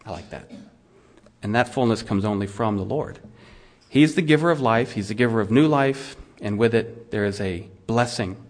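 Speaking at normal speed in a fairly low voice, this middle-aged pastor delivers a conversational sermon full of questions for his listeners. His words keep restarting, and he often repeats them.

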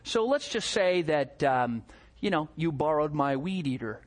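Brief: male pastor, sermon delivery, high voice with wide swings, storytelling. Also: unhurried. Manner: animated storytelling, acts out scenes.

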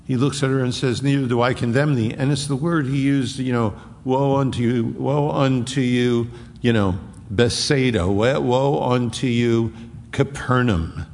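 A man's voice: medium pitch, steady tone, unhurried, a little mellow, big-room sound. A man preaching a sermon as a pastor, with emphatic repetition.

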